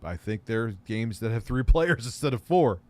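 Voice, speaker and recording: A man's voice: mid-range voice, lively intonation, normal speed, darkish tone. Rambling, profane male streamer. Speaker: livestream host. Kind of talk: casual chat.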